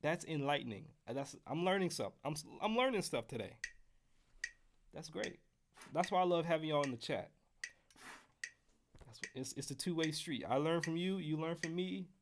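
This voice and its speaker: American man, casual trumpet teacher, live-streamed lesson, slightly high voice, faint background noise. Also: expressive, normal speed, long pauses. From United States. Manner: casual, joking asides to chat.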